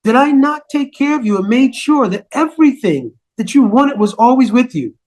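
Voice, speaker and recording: A man voicing a bitter, manipulative old female nursemaid from a devotional epic, speaking in a low, insinuating, scolding tone. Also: lively intonation, normal speed, darkish tone. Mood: reproachful.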